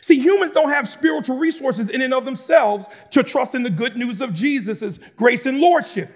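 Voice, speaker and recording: A man preaching a sermon, moving between calm explanation and fervent shouting with casual asides to the congregation. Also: very high-pitched, moderate pace, soft background music. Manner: shouts and preaches with rising intensity, conversational asides. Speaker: pastor.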